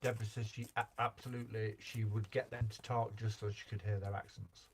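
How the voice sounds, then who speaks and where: A man's voice: fairly low pitch, level tone, fairly quick, a little hiss or hum. A man co-hosting a live craft stream, telling anecdotes and reading out viewer comments. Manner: chatty, anecdotal, laughing. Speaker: co-host reading the chat. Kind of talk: casual live-stream chat.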